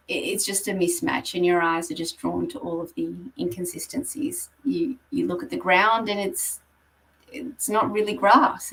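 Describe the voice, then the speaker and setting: A woman's voice: on the low side, far from the mic, rough recording. A woman giving a conversational presentation on property marketing, explaining slides with frequent ums. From Australia. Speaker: guest speaker on property marketing.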